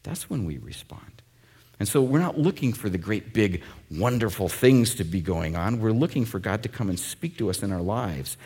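Man preaching, conversational sermon, husky voice, animated intonation. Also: on the low side, moderate pace, few pauses. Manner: conversational with asides to the congregation. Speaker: pastor.

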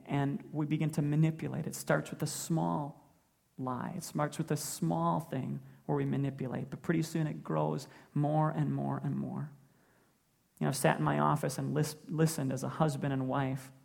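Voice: medium pitch, creaky, a little mellow, husky. A pastor preaching a sermon in an earnest way, building points through repetition.

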